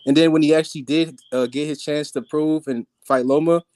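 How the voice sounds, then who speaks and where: A man's voice: a little high, steady tone, fairly quick, a little mellow, no echo. A man calling in to a live boxing talk stream, giving his opinions hesitantly with many restarts. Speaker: caller. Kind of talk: casual debate call-in.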